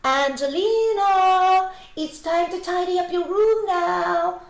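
A woman voicing an exasperated mother mouse who calls out in a high, scolding voice. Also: sing-song, normal speed, a bit bright, heavily acted. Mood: calling. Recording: roomy echo.

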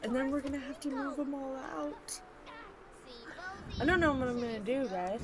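A woman's voice: high-pitched, normal speed, noisy background. A woman narrating her life-sim gameplay in an effusive, doting way with lots of exclamations. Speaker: gaming vlogger. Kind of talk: game commentary. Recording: music playing behind.

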